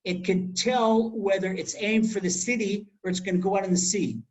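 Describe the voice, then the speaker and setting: Animated man telling a Torah story. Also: high-pitched, moderate pace, rough recording. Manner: animated storyteller, acts out quoted speech. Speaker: rabbi giving a Torah class. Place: home in Israel.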